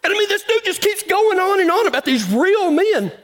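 A man's voice: very high voice, big pitch swings, brisk, fairly bright tone. A middle-aged man telling a folksy story in a cowboy sermon, drawling and laughing at his own tale. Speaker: cowboy preacher.

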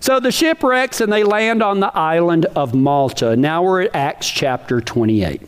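A man's voice: a little high, animated, measured pace, smooth. A man preaching a sermon in a folksy, emphatic way, full of rhetorical questions.

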